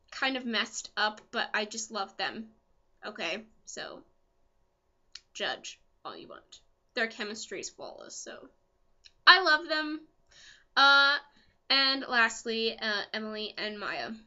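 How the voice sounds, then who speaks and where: A young woman vlogger chatting casually as an excitable fan, full of ums and asides. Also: on the high side, highs cut off. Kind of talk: casual chat.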